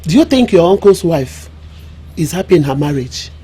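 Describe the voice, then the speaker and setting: A woman's voice: fairly low pitch, animated, normal speed, warm tone, slightly rough, faint music behind. An actress playing a wise village mother with a Nigerian accent, counselling her daughter through proverbs. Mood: knowing. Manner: knowing, proverb-laden counsel.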